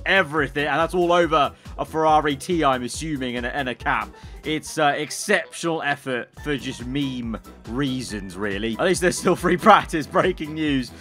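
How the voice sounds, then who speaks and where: A man's voice: fairly high pitch, fairly bright tone. A young man chatting through memes in a casual, joking reaction commentary and laughing often. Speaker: F1 content creator.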